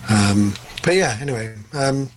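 A man co-hosting a podcast, chatting casually about films, excitable and jumping up in pitch when enthused. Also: a little slow, a little hiss or hum. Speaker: podcast co-host. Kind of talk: casual film chat.

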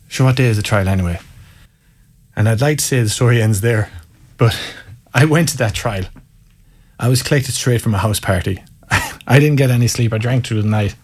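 This guest on an interview is a man in his thirties from Ireland, speaking with an Irish accent. His pitch is medium with a breathy edge. He shares frank stories at his own expense and laughs as he tells them.

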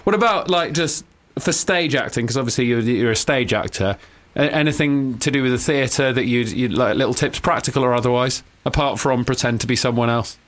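Joking podcast host, mid-pitched. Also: male voice, fairly quick, few pauses, fairly bright tone. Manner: jokey, laughs often, teasing. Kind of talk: casual comedy chat.

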